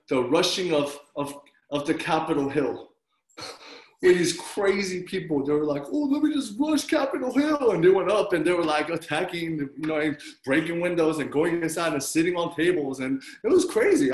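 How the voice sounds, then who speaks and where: A man preaching a sermon as pastor, telling stories with animated delivery and acting out his own reactions. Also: on the high side, brisk. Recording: roomy echo.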